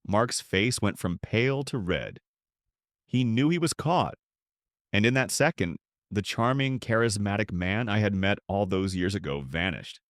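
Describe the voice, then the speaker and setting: An older man narrates a dramatic story in the first person. His voice sits low but swings widely for emphasis, recorded dry and close to the mic. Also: expressive, unhurried, no room sound.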